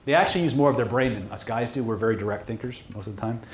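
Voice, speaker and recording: A man's voice: mid-range voice, racing. Man, seminar lecture, blunt and joking, roomy echo, faint hiss. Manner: blunt, joking, asks okay often. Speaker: hypnosis teacher. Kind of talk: casual seminar lecture to a live group. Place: seminar room with audience. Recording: echoey room, faint noise.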